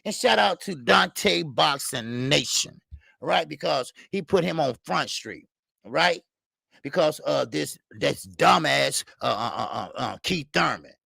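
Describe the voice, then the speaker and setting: Gravelly high-voiced man ranting hotly. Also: lively intonation, takes it slowly, pushed and bright, dry recording. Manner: profane, heated, repetitive ranting. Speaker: boxing talk show host. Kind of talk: live stream rant reading chat.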